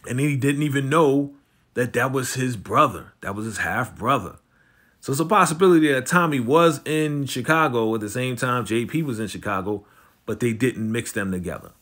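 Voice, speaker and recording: Guy doing a chill tv recap, slangy, lots of "you know", acts out the characters a bit, mid-pitched voice. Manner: animated retelling, acts out characters' lines in quick snippets. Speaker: TV recap host. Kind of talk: casual episode recap.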